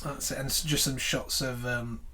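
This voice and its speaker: A man's voice: medium pitch, fairly even intonation, normal speed, sharp tone, a little hiss or hum. Guy on a podcast, chatty film recap, says yeah a lot, swears casually. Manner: chatty, frequent agreeing and fillers, swears casually. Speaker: podcast co-host.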